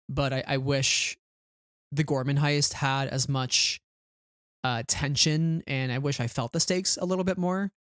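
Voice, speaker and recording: A man's voice: mid-range voice, clear, resonant tone, dry recording, clean studio sound. A man co-hosting a podcast in casual chat, thoughtful and earnest, sometimes hesitating over his words. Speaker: podcast co-host.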